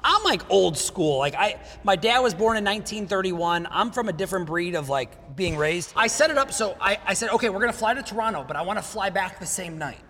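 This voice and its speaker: A man's voice: sits high, animated, a little fast, few pauses, a bit bright. A man hosting a podcast, animatedly retelling a story in casual chat and acting out the quotes. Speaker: podcast host. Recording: roomy hall with faint noise.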